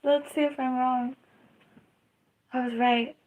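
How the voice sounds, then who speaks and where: A young woman talks unhurriedly on her live stream, her voice sitting a little high. She is hurting and near tears, and she rambles, laughs through the pain and lets out groans as she goes. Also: level tone, slow, a little mellow, rough recording. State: in pain, tearful. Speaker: livestreamer. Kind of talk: casual live stream chat.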